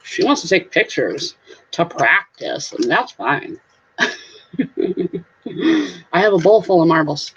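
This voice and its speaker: A woman's voice: low voice, sing-song, slow pace, pauses often, a bit bright, husky. A middle-aged woman with a Southern US accent hosting a casual live stream, reading comments in a goofy, giggly, playful way. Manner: goofy, giggly, playful sing-song voices. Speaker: live stream host, reseller. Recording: slightly dull lo-fi stream audio.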